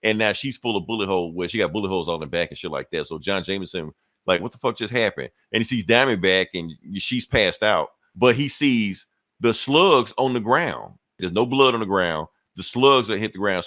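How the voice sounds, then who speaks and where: A man with a low but animated voice runs through a comic story in a loose, profane, laughing way. The recording is dry and close. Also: dry recording. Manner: profane, laughing retelling with put-on character voices. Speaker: comic review host. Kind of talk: casual comic recap.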